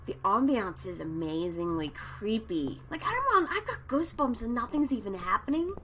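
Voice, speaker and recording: A woman commenting on a horror game as she plays, excitable and jumpy, swearing and shrieking at scares and reading the game's text aloud. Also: a little high, moderate pace, slight background noise. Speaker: let's play gamer. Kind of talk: let's play commentary.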